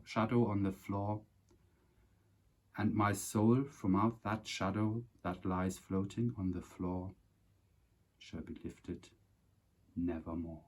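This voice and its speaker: Husky low-voiced man reciting poetry. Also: darkish tone. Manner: dramatic, declamatory reciting. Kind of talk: poem recited from memory.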